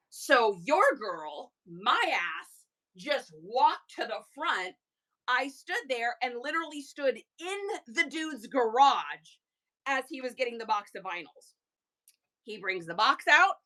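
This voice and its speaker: Chatty bright-voiced woman livestream host. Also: high voice, poor audio. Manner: chatty and animated, quick asides to viewers. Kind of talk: casual storytelling to a live chat.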